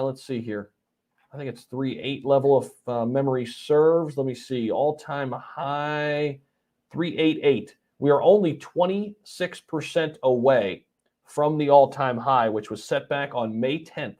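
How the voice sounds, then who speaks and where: A man hosting a live stream, excitedly reacting to charts and reading out viewer comments, with lots of ums and repeats. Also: mid-range voice. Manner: hyped, repeats himself, frequent ums and laughs. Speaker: crypto livestream host.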